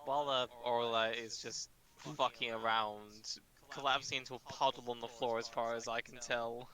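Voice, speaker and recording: A man's voice: mid-range voice, steady tone, moderate pace, a crowd in the background, poor audio. A man playing a tabletop role-playing game, describing his character's moves and speaking in character with a put-on accent. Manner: narrates his character's actions, puts on a shaky accent. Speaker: player. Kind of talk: tabletop role-play chat.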